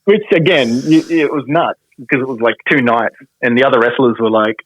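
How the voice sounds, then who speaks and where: A man's voice: medium pitch, fairly quick, a bit bright, dry recording, low-quality recording. An Australian man, a pro wrestler on a podcast, telling a story casually, laughing often and swearing mildly.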